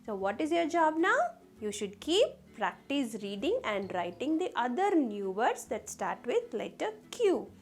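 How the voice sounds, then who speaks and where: A woman leads a phonics lesson for children, sounding out letters one by one and checking in with the class. Her voice sits high and swings widely in pitch. She speaks slowly, with soft music faintly behind her. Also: very animated. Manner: slow, sounding out letters and asking the class questions. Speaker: teacher.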